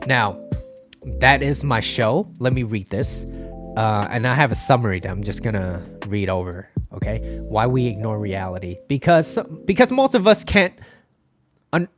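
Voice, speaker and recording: A man's voice: lowish voice, expressive, normal speed, music in the background. A man talking casually as a dating advice host, rambling and often checking in with his listeners. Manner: rambling, repeats himself, checks in with "okay?".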